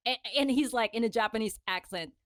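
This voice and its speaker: A woman co-hosting a casual podcast, telling animated stories and laughing often. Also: a little high, brisk, no echo, studio quality. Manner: animated storytelling with frequent laughter. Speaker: podcast co-host.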